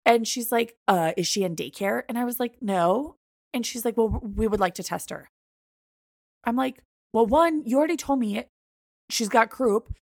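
A young woman chatting casually on a podcast, her voice carrying a lot of gravelly fry. She retells events with animation, playing out each side of the conversation. The sound is dry and close. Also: fairly high pitch, moderate pace, no room sound. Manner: animated retelling, acts out both sides of quoted dialogue. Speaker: podcast co-host. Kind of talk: casual storytelling chat.

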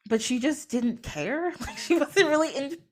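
A podcast host retelling an old myth in a chatty, giggly style. Her voice is animated, jumping freely between highs and lows. She keeps it casual and bubbly. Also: normal speed. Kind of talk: casual storytelling.

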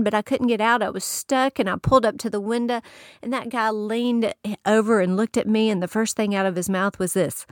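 A woman's voice: mid-range voice, normal speed, dry recording, clean studio sound. A woman giving a folksy inspirational sermon, telling stories and laughing often.

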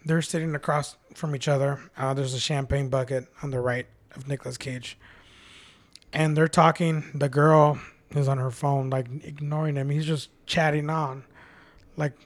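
A man's voice: medium pitch, darkish tone. A man telling a long bar story in casual chat, rambling and laughing, swearing freely. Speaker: podcast guest, bartender.

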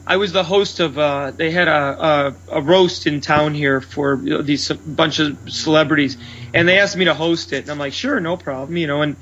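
Loud, brash high-voiced man. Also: fairly even intonation, normal speed, lo-fi sound, slight background noise. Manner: loud, brash storyteller who acts out his own lines. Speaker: comedian and show headliner. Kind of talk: casual chat.

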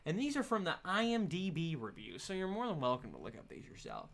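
Animated giggly man hosting a podcast. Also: on the high side, a little fast, gravelly. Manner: giggly, animated, rambling with fillers and laughs. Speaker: podcast host. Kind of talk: solo podcast rant, casual chat.

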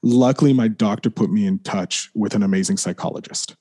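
A man with a fairly low, mellow, unhurried voice tells his story as a podcast guest. He rambles, fills gaps with "like", restarts his sentences, and sometimes swears and then apologizes. On the painful parts his voice sinks lower and quieter. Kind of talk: candid personal storytelling.

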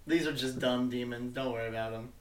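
A man's voice: medium pitch, steady tone, fast, a crowd in the background. A man narrating as game master in a casual, filler-heavy way, swearing now and then.

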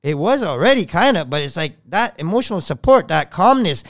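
Guy with a pretty high voice on a podcast, rambly and emotional, cusses a lot, dry close sound. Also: sing-song, fairly quick, hardly any pauses, no room sound. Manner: rambling, swears often, voice swells and drops with feeling. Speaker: podcast guest. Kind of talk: emotional conversational storytelling.

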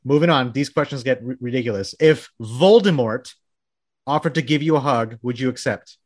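A man from Texas with a Texan accent, hosting a casual interview and firing off quick questions, laughing often. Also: mid-range voice, darkish tone, no room sound, clean studio sound. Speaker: podcast host.

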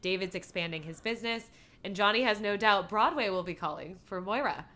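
A woman's voice: medium pitch, expressive, brisk, pushed and bright. A woman co-hosting a podcast, recapping an episode in casual chat and laughing often. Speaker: podcast co-host.

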